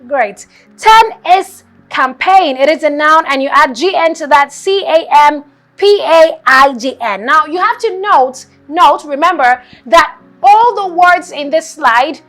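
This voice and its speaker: A woman's voice: high-pitched, fairly bright tone. A woman teaching a children's vocabulary lesson, encouraging and spelling words out letter by letter.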